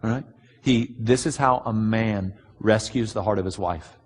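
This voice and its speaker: A man preaching a sermon, answering written questions earnestly and bluntly with many pauses. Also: fairly low pitch. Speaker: pastor. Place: large church hall. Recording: long hall reverb.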